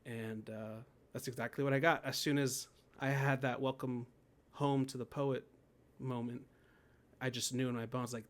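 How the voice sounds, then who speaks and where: A man in his thirties, talking through a personal story in a relaxed interview. His voice sits mid-range and he keeps his delivery loose and conversational, breaking into laughter and acting out his own thoughts. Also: mid-range voice, normal speed. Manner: laughs often, animated storytelling with quoted inner voices. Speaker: guest, poet and death doula.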